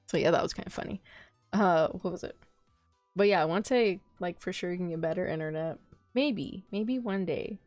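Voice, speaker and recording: A woman's voice: mid-range voice, dry recording. Young woman streamer, casual rambling chat, laughs a lot, close dry mic with faint music behind. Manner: rambling, laughs often, loses track of thought. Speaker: VTuber streamer.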